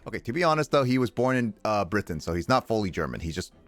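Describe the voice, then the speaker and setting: A man's voice: lowish voice, sing-song, quick pace, no echo. A man streaming a game, chatting casually and laughing at himself between lines. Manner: laughing, self-mocking. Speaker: livestreamer.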